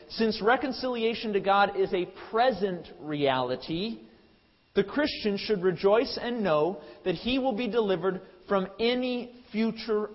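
A man preaching in a church. His voice is fairly high for a man, and he builds to loud, emphatic peaks before dropping to quiet asides. The dull, lo-fi recording carries a long hall reverb. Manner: frequent restarts and hesitations. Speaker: pastor. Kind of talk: sermon.

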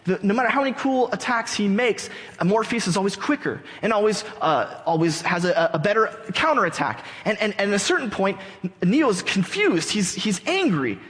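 A male pastor preaches with a fairly high voice, telling a story in an animated way and acting out its characters. His voice rings out with the long reverb of a church sanctuary. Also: normal speed. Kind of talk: sermon.

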